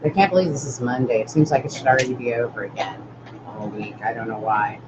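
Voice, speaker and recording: An older woman talks fast in a bass voice while hosting a live-stream craft tutorial, rambling chattily and welcoming viewers by name as she works. The recording is dull lo-fi audio with steady noise.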